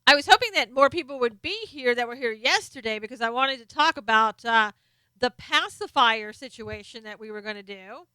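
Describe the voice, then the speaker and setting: A woman's voice: on the high side, expressive, normal speed, pushed and bright, clear, resonant tone, no room sound. A middle-aged woman hosting a casual live stream, chatting as she reads out viewers' names and comments, sometimes turned away from her desk mic. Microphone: desk microphone, sometimes off-axis.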